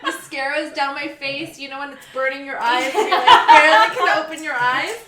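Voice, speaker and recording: High-voiced young woman telling a story. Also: a little fast, echoey room, a crowd in the background. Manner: chatty, laughs through her story. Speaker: podcast co-host. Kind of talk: casual chat, storytelling.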